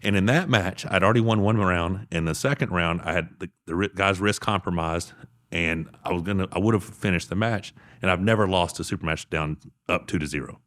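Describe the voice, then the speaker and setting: A man, telling animated stories as a podcast guest. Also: low-pitched, no room sound, studio quality. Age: 40s. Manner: fast animated storytelling. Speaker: podcast guest, arm wrestler. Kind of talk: casual interview storytelling.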